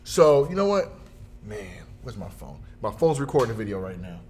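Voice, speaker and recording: A man telling a funny everyday story in a casual chat, jumping into high voices when he quotes people. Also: very animated, moderate pace, darkish tone, slight background noise.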